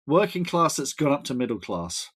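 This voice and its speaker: A man's voice: medium pitch, sing-song, moderate pace, fairly bright tone. A man with a Thames Estuary English accent, chatting casually and self-deprecatingly as a podcast guest. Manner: chatty, self-deprecating, drifts between topics. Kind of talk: casual chat.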